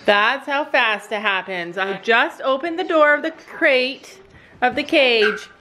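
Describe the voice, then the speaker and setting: A woman's voice: high voice, takes it slowly, music in the background. A woman chatting casually in a family vlog, talking to viewers and her pet bird. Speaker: family vlogger. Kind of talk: casual vlog chat to camera.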